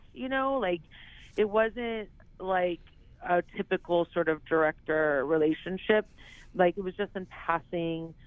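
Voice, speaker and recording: Rambling actress on a tinny phone line. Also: female voice, on the low side, dry recording. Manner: rambling, heavy use of "like" and "you know". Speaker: actress, interview guest. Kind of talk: casual phone interview.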